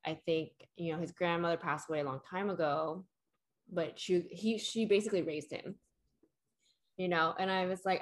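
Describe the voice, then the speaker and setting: A woman's voice: fairly low pitch, steady tone, normal speed. Young woman, rambling storyteller, lots of fillers, casual. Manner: rambling, filler-heavy storytelling with acted quotes. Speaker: storyteller in a chat. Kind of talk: casual chat.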